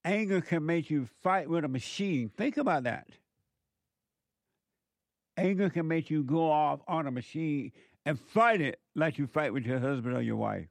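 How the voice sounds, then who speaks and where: A man's voice: fairly high pitch, expressive, normal speed, creaky, dry recording. Man, preaching monologue, emphatic, repeats himself, rhetorical questions, dry close sound.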